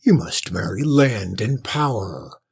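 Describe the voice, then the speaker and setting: A man doing a gruff, blustering old lord. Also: lowish voice, animated, slow pace, full character voice. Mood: gruff commanding. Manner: gruff, commanding, shouting.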